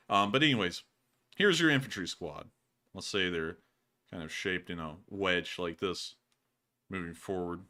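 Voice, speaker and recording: A man hosting a livestream, explaining tactics and thanking donors in a relaxed, chatty way. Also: low voice. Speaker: livestream host. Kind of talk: casual stream commentary.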